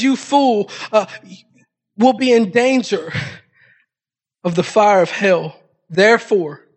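Young male preacher, high-pitched, casual and heated, swings from hushed to loud. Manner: swings from soft, near-whispered confession to high, loud, preaching climaxes; casual, repeats words when heated. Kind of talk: sermon. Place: church room with congregation.

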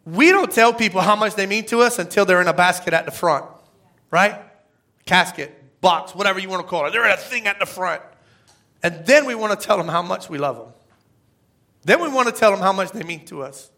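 High, bright-voiced man preaching casually. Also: fairly quick. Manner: energetic, conversational, tag questions. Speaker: pastor. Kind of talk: sermon.

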